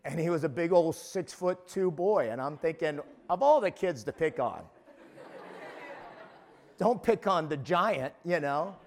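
Male pastor with a high voice, preaching emphatically with many restarts. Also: expressive, moderate pace, hardly any pauses, warm tone. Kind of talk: sermon.

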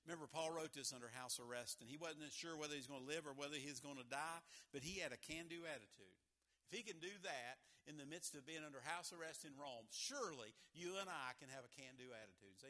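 Bright-voiced emphatic male preacher. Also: fairly high pitch, animated, fairly quick. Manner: emphatic preaching, repeating key lines, swinging from loud to soft. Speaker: pastor. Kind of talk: sermon.

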